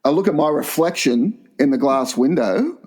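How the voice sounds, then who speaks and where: A man's voice: on the high side, expressive, moderate pace, a little mellow. A man co-hosting a crude comedy podcast, telling rambling anecdotes bluntly and swearing a lot. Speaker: podcast co-host.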